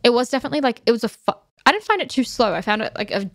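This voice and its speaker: Woman, podcast co-host, lively sassy delivery, dry close sound. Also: a little high, racing, no room sound. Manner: animated, acts out sassy quoted reactions. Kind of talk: casual film review chat.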